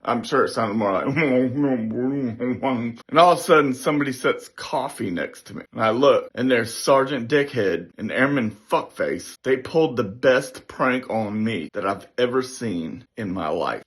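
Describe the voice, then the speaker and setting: A middle-aged man casually telling a story, swearing freely and acting out what others said. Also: medium pitch. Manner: animated, swears freely, acts out others' lines. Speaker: storyteller recounting a military prank.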